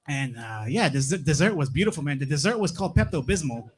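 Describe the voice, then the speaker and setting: A man's voice: a little high, animated, fast talker, a crowd in the background. A young man from Massachusetts doing a stand-up comedy set on a club stage, laid-back and tagging his lines with "man" and "right?". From Plymouth, Massachusetts.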